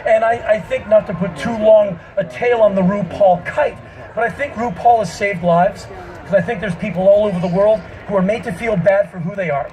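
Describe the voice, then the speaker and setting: A man in his fifties telling a comic story on an outdoor festival stage into a stage microphone, emphatic and breaking into shouts. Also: high voice, normal speed, a little hiss or hum, poor audio. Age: 50s. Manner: emphatic, bursts into shouting, mimics people. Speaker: spoken-word performer. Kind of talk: stand-up storytelling.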